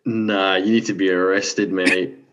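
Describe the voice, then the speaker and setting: Flat-voiced laid-back man, lo-fi sound. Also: deep voice, a little slow, noisy background. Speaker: podcast co-host. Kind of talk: casual podcast chat. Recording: dull lo-fi sound.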